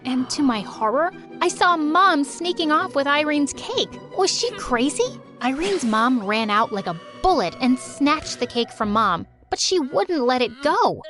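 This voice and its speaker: A young adult woman narrating a dramatic first-person storytime, lively and expressive. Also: high-pitched.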